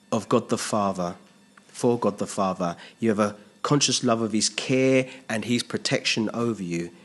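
A man's voice: mid-range voice, a bit bright. Earnest man preaching a sermon. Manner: earnest, emphatic preaching with repeated phrases and rhetorical questions. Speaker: pastor.

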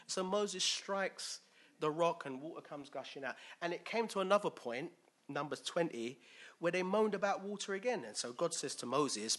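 A man preaching with a bright, forceful edge, sitting a little high for a man. He talks to his listeners casually and quizzes them as he goes. He slips into little voices for the people in his story. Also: normal speed, husky. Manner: lively, conversational, acts out quotes, asks listeners questions. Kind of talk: sermon.

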